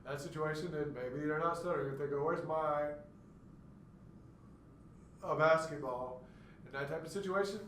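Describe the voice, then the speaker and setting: A man's voice: on the high side, a little hiss or hum. A man giving a classroom lecture, explaining step by step and acting out stuttered words to demonstrate. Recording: echoey room, mic far off.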